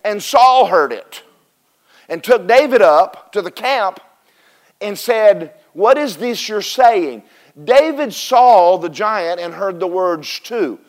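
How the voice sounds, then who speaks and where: A man preaching a sermon to a responding congregation, animated, with acted Bible voices and call-and-response. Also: sits high. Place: church service with congregation responding.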